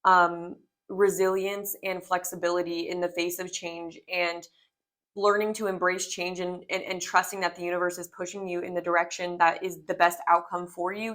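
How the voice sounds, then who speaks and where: A young woman in her twenties talks through a tarot reading in a loose, rambling way. She circles back on her thoughts and leans on fillers, with a gentle, reflective delivery. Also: on the low side, level tone, moderate pace. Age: 20s. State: slightly out of breath. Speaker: tarot reader. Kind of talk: casual spoken tarot reading.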